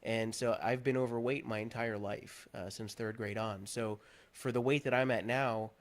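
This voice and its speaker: A man's voice: medium pitch, moderate pace. A man from Pennsylvania, a guest on a talk show, sharing his own story in an earnest, candid way. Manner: earnest, candid, animated when recounting. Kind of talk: conversational interview, personal story.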